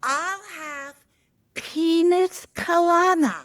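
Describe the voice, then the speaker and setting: Woman putting on her loud old mom, high and full-voiced, totally unfiltered, dry close sound. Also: steady tone, extremely slow, no echo, heavily acted. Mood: earnest. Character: blunt cheerful older mother, loud and unfiltered.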